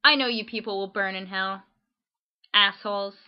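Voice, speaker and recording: A woman's voice: medium pitch, moderate pace, clear, resonant tone, lo-fi sound. A woman reading hostile letters aloud in a dry, mock-serious recitation.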